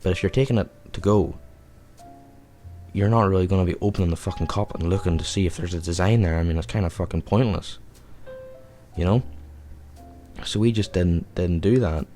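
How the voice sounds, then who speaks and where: A man's voice: sits low, a little fast, long pauses, dark tone, soft background music. A young man hosting a podcast, telling a rambling, profane anecdote in a casual way. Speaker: podcast host. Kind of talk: casual storytelling.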